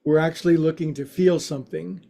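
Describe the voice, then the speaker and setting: A man teaching a yoga class, guiding stretches with slow cues and playful, folksy quips. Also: a little high, fairly even intonation, creaky, dark tone. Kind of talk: guided yoga class instruction.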